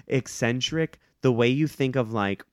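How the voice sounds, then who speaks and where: A man's voice: medium pitch, lively intonation, slow, darkish tone, no room sound, clean studio sound. A man co-hosting a podcast, chatting casually about making a short film and telling the story with quotes and laughs. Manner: storytelling, laughing, quoting people. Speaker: podcast co-host, filmmaker. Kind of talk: casual chat.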